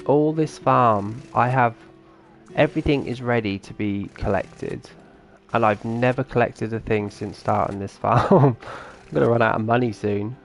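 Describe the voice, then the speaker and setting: A man's voice: medium pitch, measured pace, vocal fry, soft background music. A man streaming a farming game, chatting casually and answering his viewers' comments as he plays. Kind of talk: casual live-stream chat.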